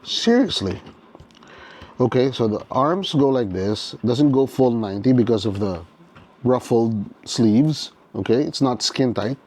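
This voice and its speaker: A man talks his way through a toy figure at an easy, unhurried pace, his pitch sitting in a middle range. He thinks aloud, restarts his phrases and keeps checking in with the listener, his enthusiasm for the figure plain in every remark. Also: a little mellow. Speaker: toy reviewer. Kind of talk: casual unboxing commentary.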